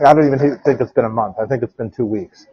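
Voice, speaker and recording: Man, husky, mid pitch, rambling casual chat, podcast co-host, dull lo-fi phone audio. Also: quick pace, dry recording. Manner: rambling storyteller, laughs often. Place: walking outdoors, then inside a quiet bar.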